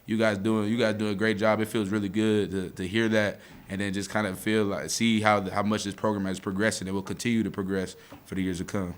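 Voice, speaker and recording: Young male athlete, twenties, deep steady voice, casual speech, holding back tears. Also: quick pace, clear, resonant tone. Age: 20s. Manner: choked up, near tears, heartfelt; casual speech, says "man" often. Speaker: college football player. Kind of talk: emotional postgame interview.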